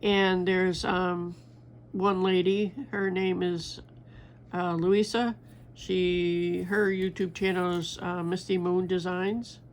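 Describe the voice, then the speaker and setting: Slow, gravelly older woman chatting. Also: fairly low pitch, level tone, slight background noise. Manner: rambling, halting, many fillers and restarts. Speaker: crafting vlogger. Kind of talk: casual chat while beading.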